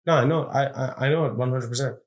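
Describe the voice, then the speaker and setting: A man's voice: medium pitch, fast talker. A man co-hosting a podcast from home, chatting casually and bluntly with swearing and self-mocking jokes while playing a management game. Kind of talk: casual chat, swearing and joking. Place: remote recording from home.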